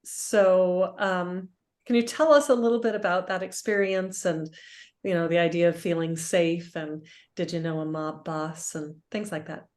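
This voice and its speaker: A woman's voice: on the low side, fairly even intonation, moderate pace, darkish tone. A woman interviewing an author, asking questions and encouraging him.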